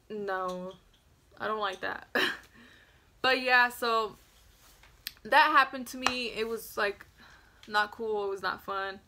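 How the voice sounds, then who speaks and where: Against background noise, a medium-pitched woman in her twenties tells a story to camera for her vlog. She rambles casually, leans heavily on "like," and drops to a hush when things get scary.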